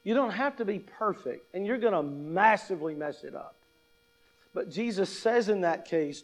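A man's voice: sits high, moderate pace, low-quality recording. A man preaching a sermon, talking to the congregation in a conversational way with many rhetorical questions and reading scripture aloud. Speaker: pastor.

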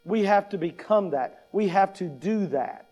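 A man with a high-pitched voice delivers a conversational sermon from a church pulpit. He leans on repetition, asking his listeners questions and restating each point. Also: animated, a little slow, mellow, lo-fi sound. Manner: conversational, emphatic repetition, acts out quoted attitudes. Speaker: preacher.

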